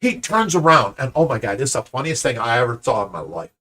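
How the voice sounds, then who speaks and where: He's a middle-aged Ohioan hosting a fish rescue channel, spinning a rambling story for viewers and voicing both parties in an argument. He talks fast in a sharp, mid-range voice with big pitch swings.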